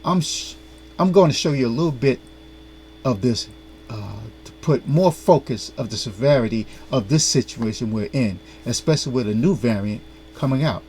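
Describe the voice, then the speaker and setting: A man hosts a commentary vlog in a mid-range voice. He speaks earnestly and makes sharp, critical points. His delivery is direct and serious. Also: medium pitch, expressive, normal speed, slight background noise. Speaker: host.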